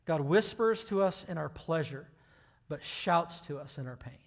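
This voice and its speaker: Pastor, male, a sermon that moves from easy talk to forceful emphasis, slightly high voice, church reverb. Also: lively intonation, normal speed, vocal fry. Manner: conversational preaching that builds to loud, emphatic passages. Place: church sanctuary. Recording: hall reverb.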